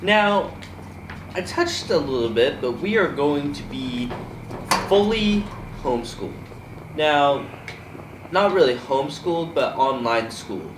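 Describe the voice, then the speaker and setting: A man's voice: a little high, animated, takes it slowly. Chatty teen guy in an echoey room. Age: teens. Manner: chatty, rambling, laughs often. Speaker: host. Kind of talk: casual podcast chat. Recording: echoey room, distant mic, noisy.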